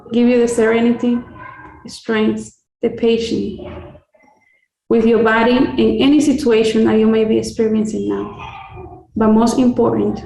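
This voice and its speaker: Slow, earnest woman with gravelly edge. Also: on the high side, mellow, reverberant, a little hiss or hum, rough recording. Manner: earnest, slow and deliberate, list-like phrasing. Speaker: cancer survivor sharing her story. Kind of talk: heartfelt personal testimony. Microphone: video call.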